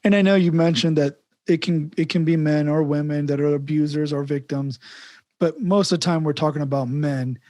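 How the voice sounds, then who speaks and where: A man's voice: fairly high pitch, steady tone, moderate pace, mellow, no echo. A man hosting a podcast interview, talking casually in a rambling way with many restarts and chuckles. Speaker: podcast host.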